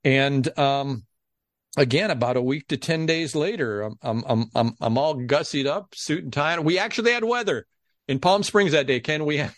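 A man who is a guest on a podcast, telling a story in a casual, animated way and acting out the people he quotes. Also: fairly high pitch, normal speed, dry recording, clean studio sound.

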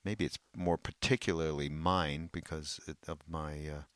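A man's voice: very deep voice, steady tone, moderate pace, smooth, no room sound. A man co-hosting a podcast, talking loosely and chattily with plenty of fillers. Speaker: podcast co-host. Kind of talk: casual podcast chat.

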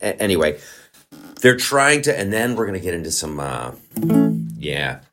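A man's voice: low voice, big pitch swings, normal speed. A man hosting a comedy podcast in a rambling, joking monologue full of asides. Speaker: podcast host. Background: faint guitar.

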